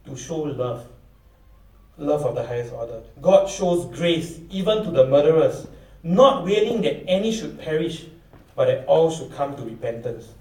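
A man's voice: medium pitch, darkish tone. A middle-aged man preaching a sermon, reading scripture aloud and acting out the voices of questioners. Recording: echoey room from far off.

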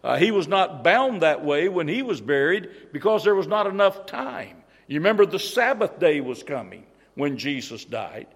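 A man's voice: fairly high pitch, sing-song, normal speed, hardly any pauses. A man preaching a sermon in an earnest way, often repeating and restarting phrases for emphasis. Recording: long reverb of a hall.

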